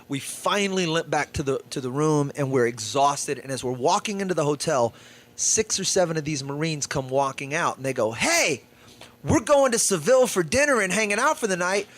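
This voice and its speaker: Animated man telling a road story. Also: a little high. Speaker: comedian and podcast co-host. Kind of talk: casual storytelling.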